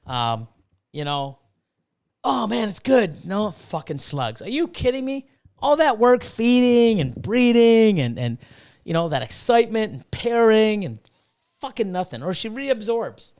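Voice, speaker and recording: A fifty-something man with a high-pitched, smooth voice rants profanely and casually. He swears freely and breaks off to read viewers' chat aloud. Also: very animated, a little slow, darkish tone. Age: 50s. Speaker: livestream host and snake breeder.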